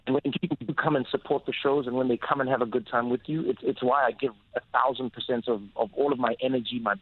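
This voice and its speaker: South African comedian on the radio. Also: male voice, mid-range voice, fast talker, vocal fry, no room sound. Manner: lively storyteller, animated. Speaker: guest, comedian. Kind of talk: radio interview. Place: radio studio. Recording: dull, dry radio studio sound.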